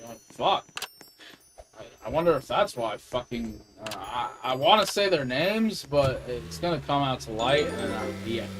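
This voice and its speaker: Over a noisy background with clear music playing, a man with a medium-pitched voice streams a game. His casual rant is profane and packed with swearing.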